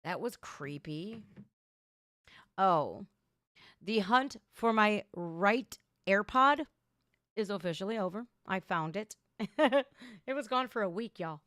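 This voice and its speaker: A woman's voice: medium pitch, slow pace, pauses often, dry recording, studio quality. Blunt, ranting woman livestreamer. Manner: blunt, sarcastic, animated ranting. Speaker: livestream reaction host. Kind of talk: casual opinionated livestream talk.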